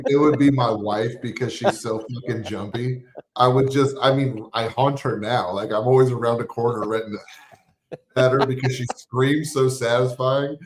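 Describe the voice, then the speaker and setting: A man's voice: mid-range voice, a little hiss or hum. A man co-hosting a podcast in casual chat, laid-back and joking, with plenty of swearing. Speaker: podcast co-host. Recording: roomy echo.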